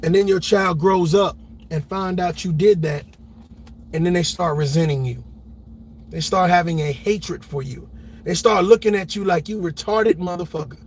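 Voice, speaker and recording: A man's voice: high voice, normal speed, slightly rough. A man giving a heated reaction commentary, emphatic and blunt, repeating words and swearing freely as he argues. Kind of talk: ranting commentary.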